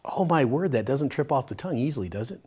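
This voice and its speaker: A man's voice: medium pitch, lively intonation, fast, husky. Conversational male Bible study teacher. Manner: conversational, acts out short dialogues in a softer voice; demonstrative, uses a pen as a prop. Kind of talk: teaching session on forgiveness.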